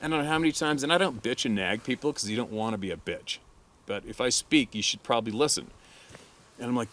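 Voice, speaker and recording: A man's voice: medium pitch, fast talker. Middle-aged guy laughing thru a crude hunting story, plain mid voice. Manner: laughs often, crude and animated when quoting. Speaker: hunting guide. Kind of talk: casual storytelling.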